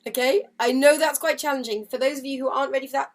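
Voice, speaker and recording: A woman's voice: high voice, fast, few pauses. A woman teaching a harp lesson on a video call, chatty and encouraging, singing counts and rhythms as she explains. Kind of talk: live online music lesson. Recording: loud harp music under voice. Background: harp playing.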